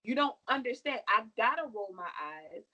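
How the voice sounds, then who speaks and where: A young woman with a fairly high voice talks with force and conviction, pressing each point home. Her delivery is emphatic and a little sassy, like a guest on a podcast making her case. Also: expressive, moderate pace, bright, forceful tone, dull audio. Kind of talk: impassioned podcast discussion.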